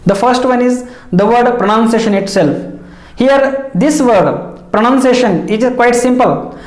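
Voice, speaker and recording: A woman giving a measured, explanatory lesson, repeating key phrases. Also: a little high, a little mellow. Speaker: English teacher. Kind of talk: instructional lecture. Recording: echoey room.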